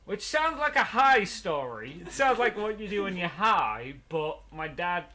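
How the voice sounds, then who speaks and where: Bright-voiced rambling male gamer. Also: sits high, big pitch swings, a little slow. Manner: rambling storyteller, laughs often. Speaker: let's play host. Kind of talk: casual chat while gaming.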